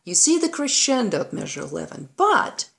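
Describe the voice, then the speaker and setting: A patient piano teacher runs a play-along lesson with a piano playing in the background of the room. She speaks at normal speed in a high-ish, very animated, gravelly and fairly bright voice, counting and singing rhythms while demonstrating and frequently checking in with "right?".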